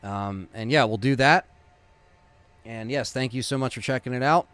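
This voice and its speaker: A man's voice: mid-range voice, normal speed, fairly bright tone, clear, resonant tone. A man hosting a gaming livestream, rambling through thanks to viewers and plans for the next streams, with the hiccups and lots of fillers. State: has the hiccups. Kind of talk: casual stream sign-off chat.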